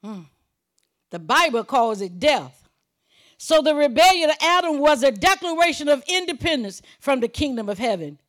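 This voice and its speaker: A woman preaching a sermon in an emphatic, conversational way, moving between loud declarations and quiet asides. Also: high voice, sing-song, moderate pace. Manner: chuckles while preaching, conversational.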